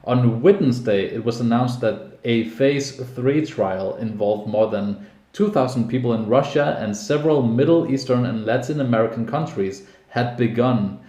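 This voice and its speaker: Male news vlogger from Denmark, mellow tone, sarcastic commentary, roomy recording. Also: mid-range voice, moderate pace. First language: Danish. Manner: wry, sarcastic asides. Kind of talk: casual news commentary, reading articles aloud. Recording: echoey room.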